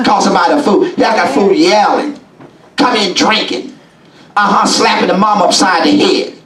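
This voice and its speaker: High-voiced bishop preaching in echoey church. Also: male voice, normal speed, recorded from a distance, a crowd in the background. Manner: folksy preaching with call-and-response, rising to shouts. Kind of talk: sermon.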